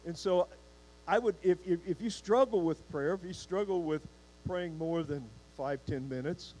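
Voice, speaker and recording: A man's voice: high voice, normal speed, darkish tone, slight background noise, rough recording. A man preaching a sermon in church, restarting words and putting questions to the congregation. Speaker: pastor.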